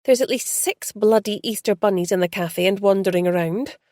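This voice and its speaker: A woman's voice: a little fast, dark tone, no echo, studio quality, close to an everyday voice. A woman reading a tense young detective woman. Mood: uneasy. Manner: speaks low and uneasy.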